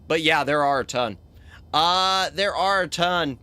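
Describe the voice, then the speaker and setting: A man's voice: fairly high pitch, unhurried, pushed and bright, clean tone, dry recording. A man streaming a video game as a VTuber, chatting casually, thinking aloud and thanking his chat.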